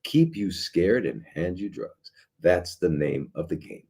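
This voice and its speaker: A middle-aged man with a very low, husky voice hosts a live show as a doctor. He talks in a loose, rambling way, full of restarts and fillers. His tone stays dry and sarcastic. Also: very animated, a little slow, mellow. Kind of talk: casual live talk.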